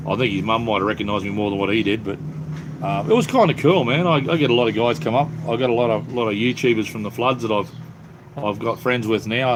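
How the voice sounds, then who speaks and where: A man's voice: lowish voice, noisy background. Easygoing Australian man chatting on stream. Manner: rambling, self-mocking, easygoing. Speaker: YouTube live streamer. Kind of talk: casual live-stream chat.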